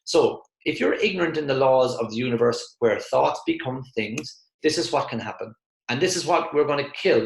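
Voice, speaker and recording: A man gives an emphatic motivational talk to a sales team, hammering his points home through repetition. His voice has a gravelly, fry-tinged edge. The room around him is echoey. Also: medium pitch. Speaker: motivational speaker.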